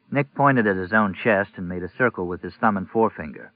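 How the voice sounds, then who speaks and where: A man narrating a novel in a measured, steady read. His voice is fairly low. The audio is thin and narrow with no room sound. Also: dry recording. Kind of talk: scripted narration. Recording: tinny narrow-band audio, dry.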